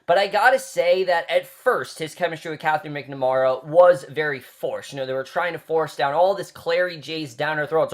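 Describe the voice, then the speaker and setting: A man's voice: on the high side, moderate pace, few pauses. Chatty man reviewing a TV season. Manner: chatty, many fillers and repeated phrases. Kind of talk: casual vlog review.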